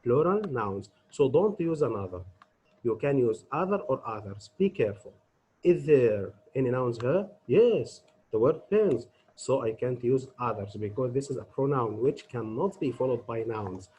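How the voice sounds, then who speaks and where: A man teaching an English grammar lesson. He talks deliberately, asks his students questions and answers them himself. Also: medium pitch, animated, warm tone, slight background noise, poor audio.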